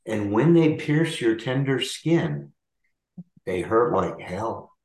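A man's voice: fairly low pitch, sing-song, slow pace, a little mellow, roomy sound, poor audio. A man hosting a podcast interview, affirming his guest and explaining an idea through an analogy. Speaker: podcast host. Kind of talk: interview conversation.

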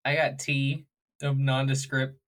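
A woman co-hosting a casual podcast from home, teasing and quick to laugh. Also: very deep voice, little pitch movement. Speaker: podcast co-host. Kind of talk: casual chat.

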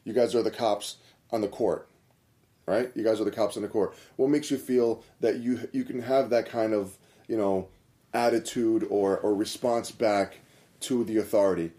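A man with a low, warm, mellow voice talks in a relaxed podcast conversation. He is a coach of several sports and speaks earnestly and reflectively, stacking repeated phrases to drive a point home. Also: moderate pace. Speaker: multi-sport coach and guidance counselor.

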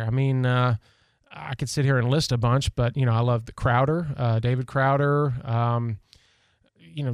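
Chatty, smooth-voiced male radio host. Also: medium pitch, no room sound, studio quality. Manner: rambling, chatty, with many fillers and restarts. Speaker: radio talk show host. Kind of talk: casual storytelling monologue. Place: radio studio. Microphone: studio microphone.

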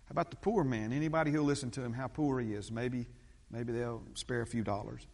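A middle-aged pastor delivering an emphatic sermon, his voice swinging from hushed to loud. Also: steady tone, brisk, vocal fry. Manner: emphatic preaching with big swings in pitch and loudness. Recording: long church reverb.

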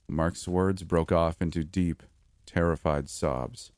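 Male horror storyteller, deep voice, dry close sound, measured delivery. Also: no room sound. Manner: steady, measured first-person reading. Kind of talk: scripted horror story narration.

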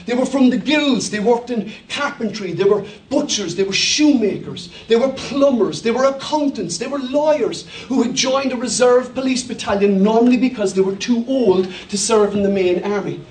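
A middle-aged Irish man with a Cork accent, preaching a sermon and telling lively stories to his congregation. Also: very high voice, normal speed, hardly any pauses. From Ireland. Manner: lively storytelling with audience participation. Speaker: pastor. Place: church hall. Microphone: handheld microphone. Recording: echoey hall, voice from far off.

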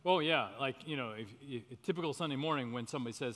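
A man's voice: medium pitch, fast, hardly any pauses, a bit bright. A man leading a church parenting workshop, speaking in an earnest teaching manner, often breaking into laughs. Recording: reverberant hall.

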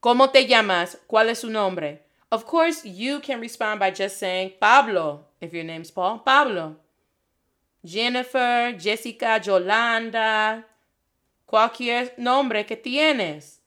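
A woman teaching a Spanish lesson, drilling phrases with lively repetition and switching languages. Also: fairly high pitch, slow pace. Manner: animated, switches between English and Spanish, repeats phrases for drill. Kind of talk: energetic video lesson. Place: Detroit.

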